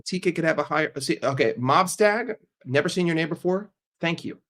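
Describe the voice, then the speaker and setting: Responding to his stream's chat, a man with a highish, animated, slightly bright voice keeps things casual. He speaks bluntly, curses a lot and cracks fast jokes.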